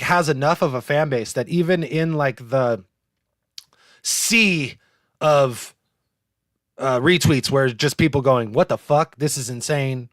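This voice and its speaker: Animated swearing man, laughing. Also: medium pitch, no echo, clean studio sound. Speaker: podcast host. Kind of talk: live podcast chat.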